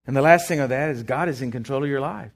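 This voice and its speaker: A middle-aged man, preaching a sermon in a folksy, animated way with lots of restarts. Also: medium pitch, quick pace, vocal fry. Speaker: pastor.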